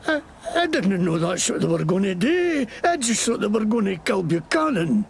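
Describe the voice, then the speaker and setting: An actor playing a jittery, defensive man faking a Scottish accent, with a gravelly voice. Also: big pitch swings, normal speed, a little hiss or hum, full character voice. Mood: nervous. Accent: put-on Scottish. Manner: jittery, defensive, swings pitch wildly. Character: shifty man faking Scottish roots, panicky.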